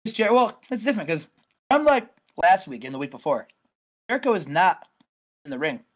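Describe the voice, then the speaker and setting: A man co-hosting a casual podcast, excitedly telling match results in a storytelling way. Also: high voice, a little fast. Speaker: co-host. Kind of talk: casual podcast chat, recapping a wrestling booking game.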